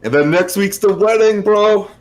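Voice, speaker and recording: A man's voice: high-pitched, moderate pace. A young man co-hosting a casual stock podcast, laid-back and slangy, laughing often. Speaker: co-host.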